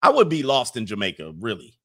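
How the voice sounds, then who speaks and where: A man in his forties hosting a casual commentary stream, joking and animated, often trailing off while searching for a word. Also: mid-range voice, fairly quick. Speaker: host reacting to clips and super chats.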